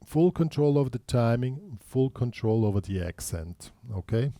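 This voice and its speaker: A man's voice: medium pitch, sing-song, normal speed, mellow, no echo, studio quality. A man teaching a guitar lesson, explaining patiently step by step and counting beats aloud.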